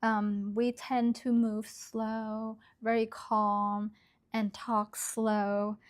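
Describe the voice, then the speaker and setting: Soft-spoken woman. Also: medium pitch, drawn-out words. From Thailand. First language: Lisu. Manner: soft-spoken, calm and gentle. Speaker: embroidery vlogger. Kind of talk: casual chat to camera.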